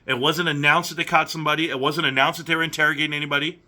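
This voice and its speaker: A man's voice: a little high, level tone, racing, sharp tone. A young adult man hosting a reaction commentary, reading messages aloud and picking at them with sarcastic, incredulous questions. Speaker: commentary channel host.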